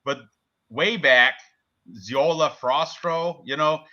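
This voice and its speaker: A man talks fight picks on a live stream in a loose, rambling way, tripping over names as he goes. His voice is bright and forceful. The audio is dull and lo-fi. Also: on the high side, slow. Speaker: betting podcast co-host. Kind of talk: casual live-stream sports betting chat.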